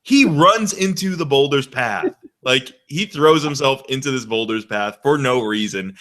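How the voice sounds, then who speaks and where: A man's voice: medium pitch, lively intonation, measured pace, fairly bright tone. A man hosting a casual movie chat, laughing often and talking enthusiastically with lots of "like". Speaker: podcast host.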